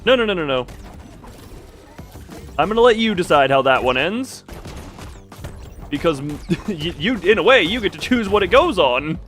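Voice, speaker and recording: A man's voice: sits high, expressive, moderate pace, long pauses, fairly bright tone, soft background music. A man streaming a video game, chatting loosely with his viewers, restarting his sentences and laughing often. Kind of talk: casual live-stream chat while playing.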